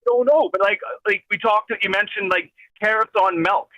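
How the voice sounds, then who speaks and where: A man's voice: high voice, normal speed, pushed and bright, no room sound. A man on a phone call from his vehicle, ranting in an agitated, rambling, swearing way with many restarts. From Canada. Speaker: caller. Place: in a vehicle driving.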